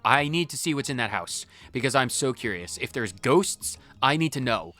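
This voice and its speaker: A playful let's play host chatting through a game with a goofy streak. The pitch bounces around a lot, and soft game music plays beneath. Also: lively intonation, moderate pace. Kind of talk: casual gameplay commentary. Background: faint game music.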